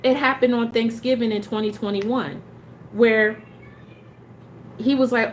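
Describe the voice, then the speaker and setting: A woman's voice: fairly high pitch, steady tone, normal speed, long pauses, slight background noise. Frustrated woman venting in a vlog. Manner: frustrated, emphatic retelling with many restarts. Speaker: parent telling her story. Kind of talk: casual vlog storytelling.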